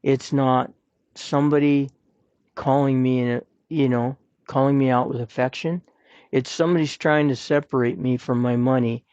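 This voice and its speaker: A man's voice: mid-range voice, steady tone, unhurried, a little mellow, no echo, lo-fi sound. A man hosting a podcast, giving earnest, plain-spoken advice and repeating his points for emphasis. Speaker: podcast host. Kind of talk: personal advice talk.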